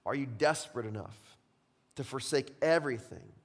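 A man preaching a sermon as pastor, swinging from hushed, intimate questions to loud, impassioned exclamations. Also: mid-range voice, moderate pace. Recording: long reverb of a large hall.

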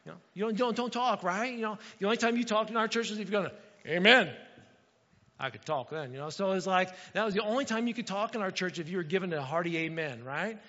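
Pastor guy preaching, kinda high voice, lively and chatty with the church, big echoey hall, dull sound. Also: fast talker, few pauses. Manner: animated, acts out quotes, talks straight to the congregation. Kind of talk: sermon. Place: church sanctuary.

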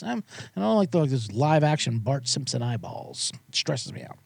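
A man's voice: a little high, lively intonation, a little fast, gravelly, a little mellow, no echo. A man hosting a podcast, ranting in a profane, sarcastic and rambling way with many restarts. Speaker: podcast host. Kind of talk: comedic rant.

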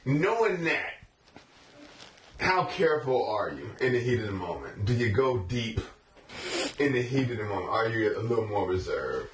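A man's voice: medium pitch, very animated, moderate pace. A man hosting a casual interview who asks playful, teasing questions with lots of energy. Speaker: interview host. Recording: echoey room with background noise.

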